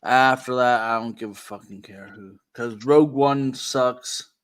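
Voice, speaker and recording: A man's voice: medium pitch, a little slow, a crowd in the background. A man hosting a casual stream chat, rambling with lots of ums and some cussing. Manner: rambling with many ums and profanity. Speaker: streamer host.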